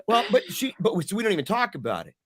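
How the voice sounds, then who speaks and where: A man's voice: high-pitched, rapid-fire, a crowd in the background. A middle-aged man, a podcast guest, telling an emotional story and acting out the people in it. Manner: animated, acts out quoted voices.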